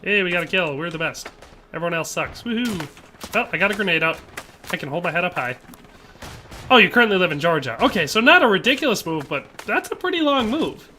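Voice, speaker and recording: A game streamer talks with his viewers in a relaxed, rambling way and answers their chat messages as he plays. His voice sits a little high for a man and has a bright, forceful edge. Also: a little fast, slight background noise. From Wisconsin, USA. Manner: chatty, reads viewer chat aloud and answers it. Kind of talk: casual live-stream chat while gaming.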